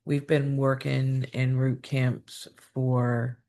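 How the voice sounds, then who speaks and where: A man co-hosting a talk about relationships, speaking casually with hesitant fillers. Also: mid-range voice. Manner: slow and relaxed, hesitant fillers. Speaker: relationship coach, co-host.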